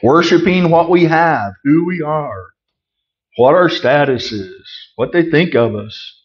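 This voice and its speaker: A middle-aged man preaching a conversational sermon, folksy with joking asides, swinging from loud emphasis to quiet remarks. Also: on the high side, animated, takes it slowly, muffled recording. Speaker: pastor.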